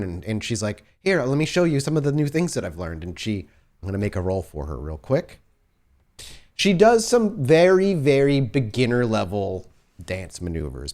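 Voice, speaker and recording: A man's voice: lowish voice, a little mellow. A man narrating a tabletop game as game master, stammering and self-deprecating.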